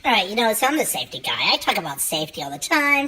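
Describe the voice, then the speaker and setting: A woman's voice: mid-range voice, sing-song, fast talker, hardly any pauses, sharp tone, breathy edge, rough recording. A woman doing a stand-up comedy routine, profane and rambling, full of fillers.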